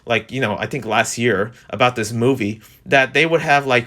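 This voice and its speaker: Young guy ranting on his vlog, kinda high and bright, rambly, all over the place. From New Jersey. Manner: rambling, animated, restarts and fillers, pitch jumps when exasperated. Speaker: vlog host. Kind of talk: casual commentary vlog.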